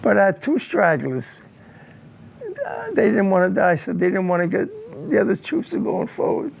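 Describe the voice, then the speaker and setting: Gravelly high-voiced old man. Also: very animated. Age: older. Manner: halting, repeats words, grave. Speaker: war veteran interviewee. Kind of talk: recounting a personal war memory in an interview.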